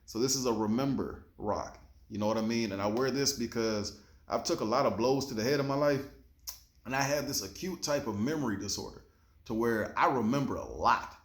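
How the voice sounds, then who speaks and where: A man's voice: medium pitch, brisk, echoey room. A man hosting his own show, giving a laid-back, slangy motivational talk straight to the camera and swearing freely. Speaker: show host.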